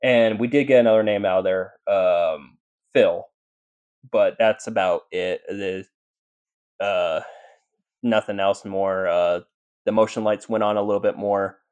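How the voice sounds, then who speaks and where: In a relaxed podcast interview, a paranormal investigator rambles through his stories, full of fillers and restarted sentences. His voice is lowish, smooth and darkish, with a steady tone, an unhurried pace and long pauses.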